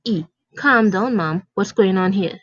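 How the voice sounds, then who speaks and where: A woman voicing a calm male store manager who asks even questions, in a dry, dull lo-fi recording. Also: mid-range voice, unhurried, no echo, lightly acted.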